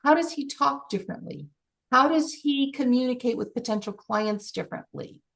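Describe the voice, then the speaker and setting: A middle-aged woman working as a life coach, guiding a client and acting out scenes with animated excitement. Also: high-pitched, normal speed, vocal fry.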